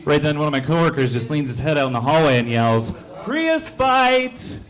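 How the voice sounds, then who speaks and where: A man performing a stand-up comedy set on a club stage into a handheld mic, telling stories deadpan and acting out the voices of the people in them. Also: mid-range voice, fast, a crowd in the background. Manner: deadpan storytelling with acted-out voices.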